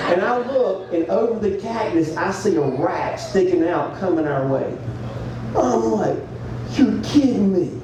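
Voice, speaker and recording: Guy doing funny hunting stories at a dinner, echoey hall, kinda far from the mic, noisy. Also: sits high. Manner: animated Southern-style storyteller, acting out voices. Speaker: banquet speaker. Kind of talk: humorous storytelling speech. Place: banquet hall.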